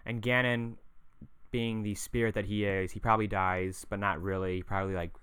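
A young man in relaxed casual chat with a friend about video games, agreeable with dry quips. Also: fairly low pitch, brisk, smooth.

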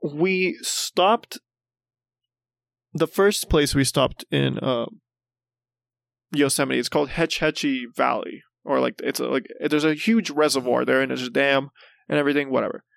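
A young man telling a story in casual chat, lively and often laughing as he acts out what people said. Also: medium pitch, unhurried, creaky, dry recording, clean studio sound. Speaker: podcast co-host.

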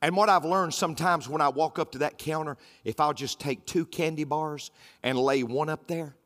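A man's voice: fairly high pitch, moderate pace, fairly bright tone. A man preaching a sermon as pastor, emphatic and repetitive, with folksy humor. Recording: roomy hall with faint music.

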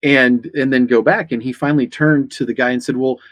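A man's voice: mid-range voice, fairly even intonation, a little fast, a bit bright, no echo, low-quality recording. A man telling a funny story in a casual chat. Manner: storytelling with laughter.

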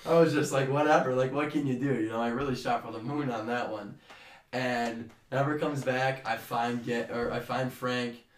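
A man's voice: medium pitch, moderate pace. Young male co-host, loose and swearing, with echoey room sound and the mic set back. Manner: rambling, animated, swears freely. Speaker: podcast co-host. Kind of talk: casual storytelling chat. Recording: roomy, distant from the mic.

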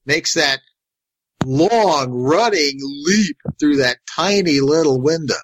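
Bright-voiced man chatting on a podcast. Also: on the high side, expressive, slow, no echo, poor audio. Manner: conversational, hedging with fillers. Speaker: podcast co-host. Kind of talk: casual podcast chat.

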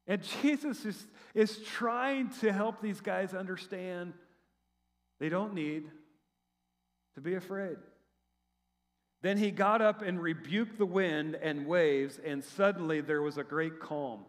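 A middle-aged man preaching a conversational sermon, animated and chatty, with sarcastic asides and frequent restarts. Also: high voice, slow. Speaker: pastor. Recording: long reverb of a large hall.

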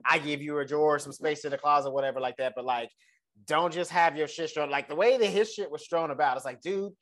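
A man co-hosting a casual TV recap chat, loose and profane, telling the story in an animated way. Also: fairly high pitch, fast talker. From United States. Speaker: podcast co-host.

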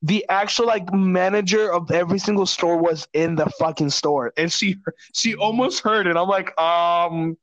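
A man's voice: sits high, normal speed, dry recording. A young man hosting a podcast in casual chat, crude and jokey, swearing a lot. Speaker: podcast host. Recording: dull lo-fi sound, dry.

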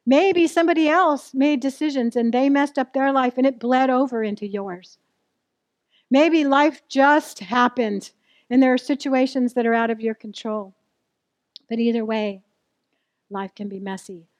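Middle-aged female preacher, high voice, dry recording, candid and conversational with the congregation. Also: measured pace, darkish tone, no room sound. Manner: candid storytelling, asks the audience questions. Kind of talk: sermon to a live church audience.

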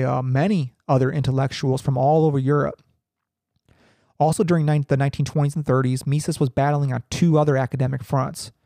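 A young man reading a text aloud in a halting way, full of ums and restarts, with casual asides. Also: mid-range voice, creaky, dark tone, dry recording, clean studio sound. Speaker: podcaster reading and commenting.

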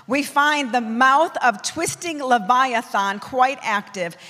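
A woman preacher delivers a forceful, declamatory sermon. Her voice sits somewhat high, and a long reverb trails after her words as if in a large hall. She drives her points home in emphatic, repeated lists. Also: slow pace. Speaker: apostle preaching to her church.

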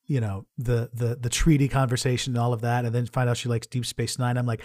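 A man's voice: mid-range voice, little pitch movement, fast, few pauses, darkish tone, no room sound, studio quality. Joking man co-hosting a podcast. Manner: joking, rambling with restarts. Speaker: podcast co-host. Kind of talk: casual podcast chat.

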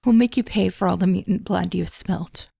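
A defiant young male captive who sneers at his captors, played by a woman. The voice is low with a gravelly edge. The tone is dark and the sound close and dry. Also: normal speed, no echo.

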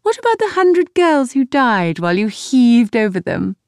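A woman narrator voicing a scheming, theatrical queen who taunts and mocks in a bright, raised voice. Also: fairly high pitch, very animated, moderate pace, no room sound, studio quality, pitched above the performer's own voice. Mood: taunting. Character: scheming mocking royal queen, adult woman.

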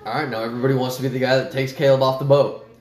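A man's voice: mid-range voice, steady tone, very fast, a loud crowd. Crude joking man, roomy sound. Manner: crude, mocking banter. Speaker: podcast co-host. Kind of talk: casual chat. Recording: echoey room.

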